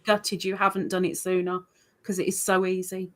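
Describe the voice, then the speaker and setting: A woman's voice: on the low side, level tone, moderate pace. A woman hosting a casual crochet livestream, explaining techniques chattily with frequent restarts. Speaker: livestream host. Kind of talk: casual crafting chat.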